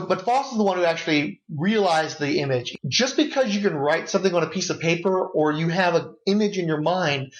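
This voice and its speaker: Podcast co-host, male, high-pitched, profane ranter; dull lo-fi mic. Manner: profane, ranting. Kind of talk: casual film discussion. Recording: dull lo-fi mixer recording.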